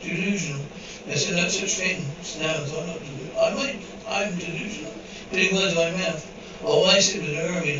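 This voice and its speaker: A man's voice: a little high, moderate pace, few pauses, echoey room, distant mic, highs cut off, noisy background. A man reading an episode script aloud, voicing the dialogue and the sound cues in the same evenly paced voice. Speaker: script reader.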